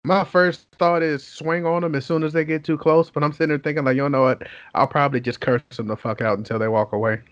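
A man with a fairly high voice chats casually as a podcast host, rambling and swearing. The recording is dry and a little dull. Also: fairly even intonation, fast talker, few pauses, no echo. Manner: rambling, filler-heavy, profane. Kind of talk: casual chat.

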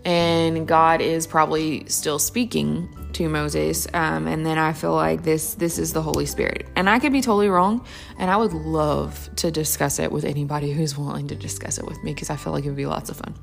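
A woman's voice: low-pitched, fairly even intonation, normal speed, gravelly, soft background music. A woman teaching a casual Bible study, chatty and enthusiastic, thinking aloud as she goes through the passage.

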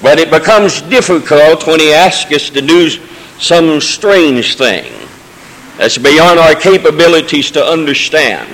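A man's voice: fairly high pitch, fairly bright tone. A man preaching a Sunday sermon, moving between folksy asides and rising, emotional cadences. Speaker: pastor. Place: church sanctuary during a service. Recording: long reverb of a church hall.

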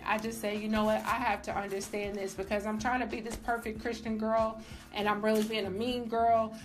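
A young woman giving a casual personal faith testimony, emphatic and filled with "like", as a show host. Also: mid-range voice. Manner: casual, emphatic, says "like" often. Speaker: faith vlogger.

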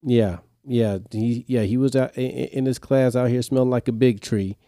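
A man's voice: medium pitch, fairly even intonation, moderate pace, mellow, no echo, studio quality. A man hosting a podcast, retelling a story casually and animatedly, with growing exasperation. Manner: speaks straight to listeners in slang. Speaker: podcast host.

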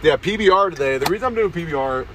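A young man rants through a comedy podcast monologue, swearing freely and tacking "dude" onto his lines. His voice sits a bit high for a man. It is recorded on a phone held close to his face outdoors, with faint street sounds behind him. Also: expressive, quick pace, a bit bright, a little hiss or hum. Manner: crude, swearing, says "dude" constantly. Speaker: podcast host. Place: outdoors in a town, near parked cars.

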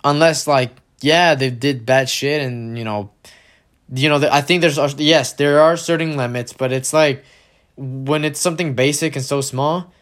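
A young man ranting casually and with much profanity, often mimicking people in mocking, higher voices. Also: steady tone, normal speed, a bit bright.

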